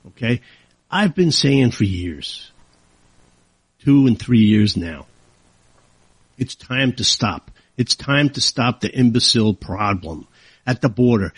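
A man hosts a talk radio show, ranting with indignant heat. His husky voice swings widely in pitch, jumping up when he gets riled. The studio sound is dry and close. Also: no room sound. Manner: heated, indignant, rising to outbursts. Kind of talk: opinionated talk radio monologue.

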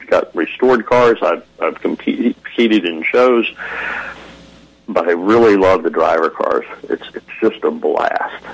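A man's voice: low voice, gravelly, poor audio. A man from the American South co-hosting a radio car show, talking in a rambling, folksy way and laughing easily. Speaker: co-host. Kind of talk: casual radio chat.

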